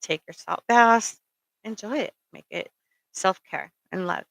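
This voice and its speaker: A woman's voice: mid-range voice, a little slow, creaky, dry recording, poor audio. A middle-aged woman giving rambling, casual spiritual advice, full of ums and checking in with "okay?". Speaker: spiritual speaker.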